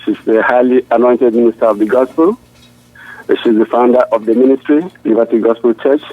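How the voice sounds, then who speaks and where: A man, a pastor, answering interview questions in an earnest, halting way with frequent restarts. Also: medium pitch, fairly even intonation. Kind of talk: answering questions over a phone line. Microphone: phone. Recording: tinny dry phone line.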